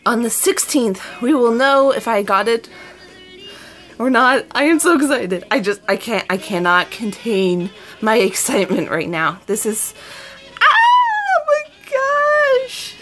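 A woman vlogging to her viewers, giddy and squealing with excitement. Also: a little high, measured pace, music in the background. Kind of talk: excited casual vlog chat.

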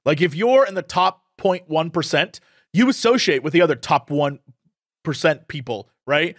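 Young male podcast co-host, high and very lively, dry close sound, opinionated casual chat. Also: moderate pace, no echo. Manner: animated, opinionated ranting.

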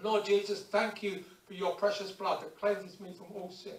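A man preaching a lively sermon in a church, acting out little everyday scenes and prayers as he goes. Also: sits high, normal speed. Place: church hall. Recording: echoey church hall, distant mic.

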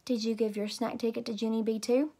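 A woman's voice: fairly high pitch, flat delivery, a little fast, dark tone. A woman voicing a stern female kindergarten teacher who questions and scolds a pupil, in a storybook read-aloud.

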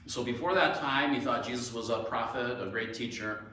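Echoey pastor preaching from afar. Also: male voice, medium pitch, normal speed, bright, forceful tone, slight background noise. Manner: storytelling, rhetorical questions, emphatic. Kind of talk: sermon. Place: church sanctuary. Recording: echoey church from far off.

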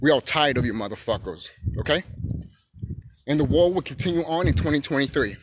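A man delivering a heated, profanity-laced rant straight to his viewers. His voice sits high and leaps wildly up and down as he pushes his points, now and then bursting into shouts. A faint hiss of noise runs underneath. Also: animated, a little fast. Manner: profane, emphatic, swings into shouting. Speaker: YouTube channel host. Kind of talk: unscripted ranting monologue.

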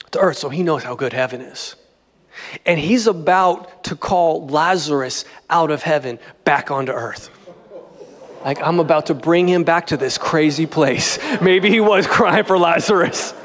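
A man's voice: a little high, lively intonation, measured pace, long reverb tail. A man preaching a sermon as pastor, in a conversational, joking style. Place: church sanctuary.

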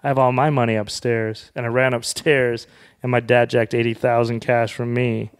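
A man's voice: mid-range voice, little pitch movement, normal speed, clear, resonant tone. A man who is a comedian, a guest on a podcast, telling a story in a casual and profane way.

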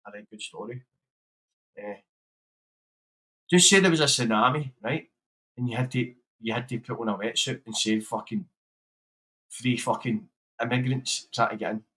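A man's voice: mid-range voice, bright, forceful tone, poor audio. A man hosting a livestream, chatting casually, swearing and laughing as he hands out blunt advice. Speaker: livestream host.

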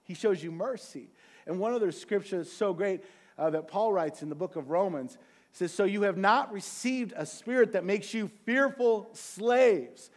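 A man preaching a sermon as pastor, passionate, swinging from quiet, quick asides to loud, drawn-out peaks. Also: high-pitched. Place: church sanctuary.

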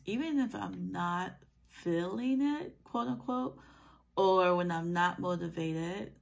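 A woman life coach speaks in a casual, encouraging vlog, her voice sitting low with a gravelly fry. Her throat is scratchy from a lingering sinus cold. She talks earnestly, pushing her listeners to act. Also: lively intonation, slow pace. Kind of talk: motivational vlog talk.

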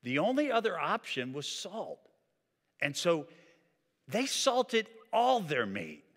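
A man preaching a sermon as pastor, with an animated delivery that swings between loud emphasis and quiet, drawn-out points. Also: sits high. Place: church sanctuary. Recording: long reverb of a church hall.

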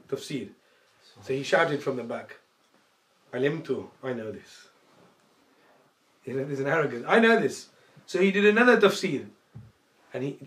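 A man giving a storytelling religious lecture. He acts out the quoted dialogue with sudden loud, high outbursts. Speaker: religious teacher. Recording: echoey room.

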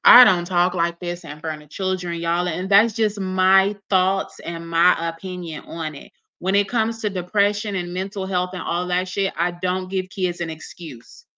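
A woman's voice: fairly low pitch, fairly even intonation, a little slow, few pauses, pushed and bright, muffled recording. A woman giving profane reaction commentary, blunt and scolding, swearing heavily as she rants. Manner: mocks others in put-on voices.

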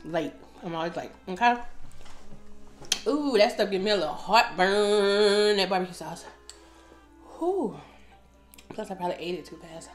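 A woman's voice: mid-range voice, normal speed, roomy sound, faint music behind. Chatty middle-aged woman eating on camera. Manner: chatty, talks to viewers while eating, lots of mm sounds. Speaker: mukbang host. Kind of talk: casual eating chat.

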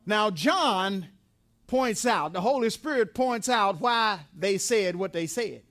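A man preaching in a church with a strikingly high voice. He drives his points home through repetition and rhetorical questions, then drops low and slow for emphasis. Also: lively intonation, a bit bright. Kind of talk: sermon. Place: church sanctuary.

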